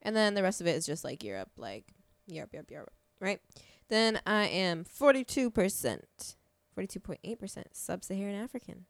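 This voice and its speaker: A woman's voice: mid-range voice, big pitch swings, brisk, gravelly, few pauses, no echo. A young woman talking casually as a podcast guest, swearing freely and saying "like" a lot. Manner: chatty, swears freely, says "like" often. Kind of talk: casual chat. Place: small podcast studio.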